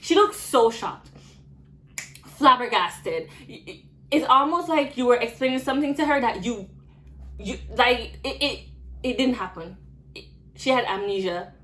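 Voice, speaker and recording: A woman's voice: fairly high pitch, expressive, measured pace, long pauses, a bit bright, slight background noise, poor audio. A young adult woman retelling a work story in a loose vlog, with many fillers and restarts. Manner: rambling, filler-heavy retelling. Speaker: vlogger.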